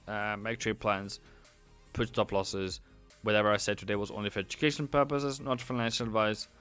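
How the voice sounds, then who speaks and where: A man's voice: lowish voice, a bit bright, smooth. Tired man calling chart trades. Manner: tired, apologetic, repetitive buy-sell calls. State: worn out. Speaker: trading educator. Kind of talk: casual live-stream chart commentary.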